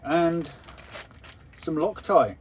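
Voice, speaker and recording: A man explaining boat engine parts in a matter-of-fact, practical way. His voice sits somewhat high for a man, and there is a faint hiss behind him. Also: expressive, extremely slow, low-quality recording. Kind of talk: casual explanation. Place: aboard a narrowboat. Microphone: phone camera.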